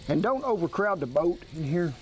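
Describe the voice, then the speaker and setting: A man's voice: high-pitched, sing-song, a little fast, slight background noise. A man hosting a cooking show, talking folksy and homespun while he demonstrates outdoors. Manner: homespun, colloquial, chatty.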